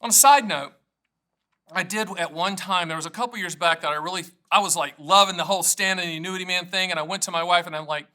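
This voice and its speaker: Fast and high-pitched, with a pushed, bright quality, a middle-aged annuity agent from the United States hosts an energetic solo video, teasing himself and switching between jokes and explanations.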